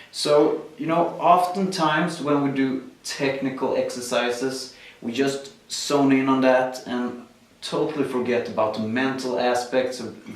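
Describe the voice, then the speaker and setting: A male drum teacher talks through his exercises slowly, pausing on fillers as he explains. His voice sits at an ordinary pitch and rings around a very echoey room, picked up from some distance. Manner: slow, explanatory, with frequent fillers. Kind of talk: instructional drum lesson. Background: drums played between explanations.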